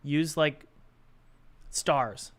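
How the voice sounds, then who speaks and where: A man's voice: fairly high pitch, extremely slow, fairly bright tone. A young man chatting casually on a live stream, joking and thinking aloud while he works on his game.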